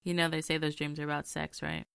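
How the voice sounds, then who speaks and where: A woman's voice: sits low, flat delivery, fast talker, creaky, fairly bright tone, clean tone, dry recording, studio quality. A woman co-hosting a podcast, telling stories in casual chat and giggling often. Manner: giggly, chatty storyteller. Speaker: podcast co-host.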